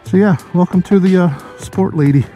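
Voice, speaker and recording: A man's voice: sits high, moderate pace, dark tone, soft background music. A man giving casual, jokey, rambling motovlog narration while riding through town and talking to viewers as kids. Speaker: motorcycle vlogger. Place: riding a motorcycle through town streets, later indoors.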